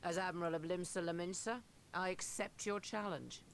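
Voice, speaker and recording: A woman's voice: fairly low pitch, moderate pace, gravelly, a little hiss or hum. An actress playing a cool, commanding female pirate admiral in a video game. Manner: calm, authoritative.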